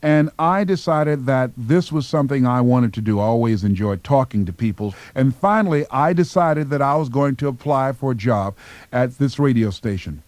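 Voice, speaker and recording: Deliberate, dry-voiced motivational speaker man. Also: mid-range voice, animated, darkish tone, dry recording. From Miami, Florida, US. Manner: slow, deliberate, emphatic phrasing. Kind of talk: motivational storytelling speech.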